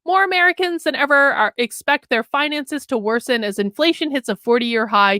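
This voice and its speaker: A woman's voice: high voice, lively intonation, a little slow, pushed and bright, dry recording, studio quality. A woman hosting a political commentary show, reading an article aloud with sarcastic, mocking asides and chatty anecdotes.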